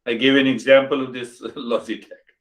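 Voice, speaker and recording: A man's voice: mid-range voice, fairly even intonation, moderate pace, a bit bright, poor audio. Older man teaching, emphatic and rhetorical. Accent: Indian English. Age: 60s. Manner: rhetorical, repeats questions, emphatic. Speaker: spiritual teacher. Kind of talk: spiritual talk.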